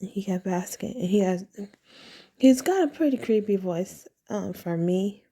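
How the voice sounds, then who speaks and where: A woman's voice: medium pitch, lively intonation, unhurried, warm tone, slightly rough. A woman vlogger telling a personal story in a casual, rambling way, trailing off and restarting, recorded at home in her bedroom. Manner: rambling, meandering, with frequent restarts.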